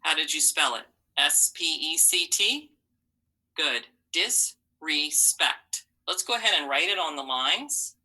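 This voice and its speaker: Slow, bright-voiced woman teaching phonics. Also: deep voice, animated, rough recording. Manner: slow, clear, encouraging, sounds out letters. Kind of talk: phonics lesson for children.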